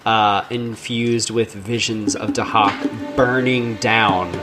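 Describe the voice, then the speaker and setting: A man playing a tabletop game, describing his character's spell in slow, deliberate narration. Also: lowish voice, steady tone, music in the background. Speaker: player. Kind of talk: casual tabletop game play.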